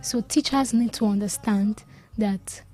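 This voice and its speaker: A woman's voice: medium pitch, measured pace, warm tone, soft background music. A woman from Nigeria, a speech and language pathologist, explaining as a radio guest and repeating key advice with emphasis.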